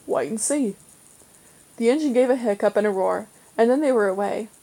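A woman reading a children's novel aloud in a steady, measured storytelling manner. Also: a little high, vocal fry, poor audio. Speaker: reader.

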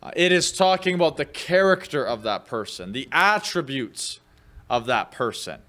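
A man's voice: mid-range voice, very animated, normal speed, a bit bright. A man preaching a midweek sermon as pastor, teaching in a conversational way with fillers, and lifting his voice when he reads quoted scripture. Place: church.

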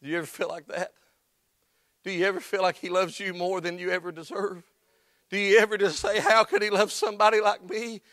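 A man preaching a sermon as pastor, folksy and plain-spoken, building up to shouts in church. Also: sits high, level tone, brisk, dry recording. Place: church sanctuary.

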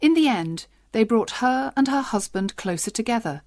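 Steady woman storybook narrator. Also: fairly high pitch, normal speed, dry recording, studio quality. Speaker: audiobook narrator. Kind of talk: graded-reader narration for learners.

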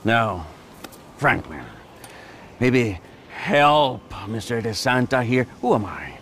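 Cartel boss, gravelly, menacing, slow, lively pitch, video game. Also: male voice, a little hiss or hum. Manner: slow, intimidating. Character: menacing middle-aged male cartel boss.

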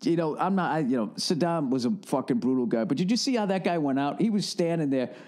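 Man, Boston accent, comedic podcast rant, swearing, laughing, slightly high voice. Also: animated, fast talker, a little mellow. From northern United States. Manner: ranting, profane, laughs often, acts out quoted voices. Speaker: podcast host. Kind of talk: casual comedic monologue. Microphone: studio podcast mic.

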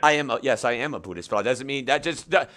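A man's voice: mid-range voice, animated, fast talker, a bit bright. A male streamer hosting a comedic meditation bit, sounding flustered and exasperated as he complains. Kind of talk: comedic live-stream chat.

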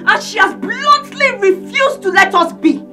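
A woman's voice: extremely high pitch, expressive, a little slow, music in the background. A brash, insulting Nigerian woman. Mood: scornful. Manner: loud, scornful.

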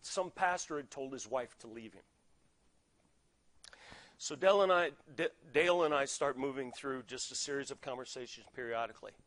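A man preaching a sermon, telling a personal story and acting out the dialogue with lively shifts. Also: a little high. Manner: animated, acts out quoted dialogue. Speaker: pastor.

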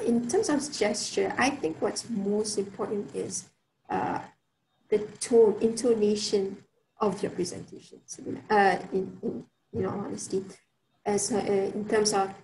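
A woman's voice: medium pitch, darkish tone, slight background noise. A young adult woman giving an online workshop talk, chatty, with many fillers and restarts. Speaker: workshop speaker. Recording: roomy sound with faint ambience.

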